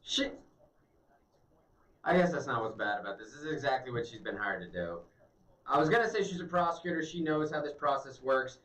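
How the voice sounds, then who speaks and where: A man's voice: mid-range voice, brisk, long pauses, fairly bright tone. A man co-hosting a talk radio show, mocking and sarcastic as he reacts to hearing clips. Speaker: radio co-host. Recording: roomy, distant mic.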